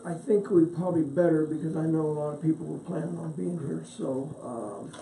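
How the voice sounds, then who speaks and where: A man with a gravelly, dark voice chairs a county board meeting, pausing and hunting for words. He sits away from the mic in an echoey meeting room, with faint hiss underneath. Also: on the high side, distant mic. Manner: halting, searching for words.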